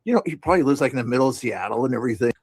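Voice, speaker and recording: Man, mid pitch, rambling stream commentary, repeats words, dry sarcastic asides, dead-dry sound. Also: expressive, rapid-fire, husky, no echo. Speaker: streamer reviewing his own stream. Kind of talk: casual commentary over stream playback.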